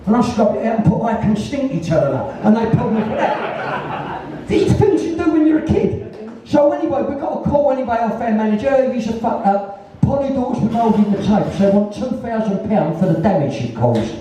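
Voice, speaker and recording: A high-pitched but darkly coloured Cockney man in his sixties from East London rattles through sweary stories on stage, imitating the people in them. He is caught from a distance in a very echoey room, with a faint noise underneath. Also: sing-song, moderate pace, mellow. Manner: swearing, rambling anecdotes, acting out other people's voices. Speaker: guest storyteller. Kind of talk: live on-stage conversation. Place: venue in front of an audience.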